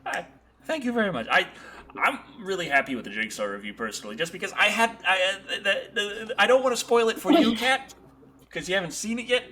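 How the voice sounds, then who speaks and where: A young man hosting a casual livestream chat, excitable and tripping over his words with many restarts. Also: high voice, brisk, a little hiss or hum. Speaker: show host.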